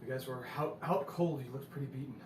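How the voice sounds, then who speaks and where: A man running a tabletop game as game master, narrating and speaking for characters in a halting, stammering way. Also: mid-range voice. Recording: roomy, distant mic with background noise.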